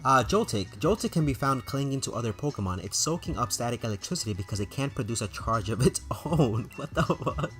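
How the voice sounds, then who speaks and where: A man's voice: mid-range voice, lively intonation, a little fast, hardly any pauses, a bit bright, soft background music. A man streaming a game and chatting casually with his viewers, laughing often. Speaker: gaming streamer. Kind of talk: casual live-stream chat.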